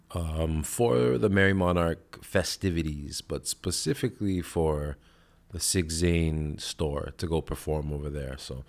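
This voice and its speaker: A man hosting a podcast, telling stories in a rambling, laid-back way and swearing often. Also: low voice. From Hawaii. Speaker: podcast host. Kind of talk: casual chat.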